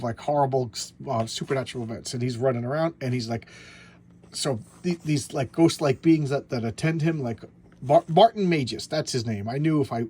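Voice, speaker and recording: A man's voice: medium pitch, a little mellow, slight background noise. A man giving casual show-and-tell commentary on a comic book. He rambles, stumbles over his words and restarts, and chuckles to himself along the way.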